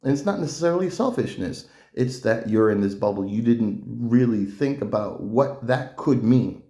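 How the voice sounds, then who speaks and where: Blunt, profane male vlogger with a mellow, dark voice, recorded in an echoey room. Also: medium pitch, lively intonation, moderate pace. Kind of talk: casual opinion monologue.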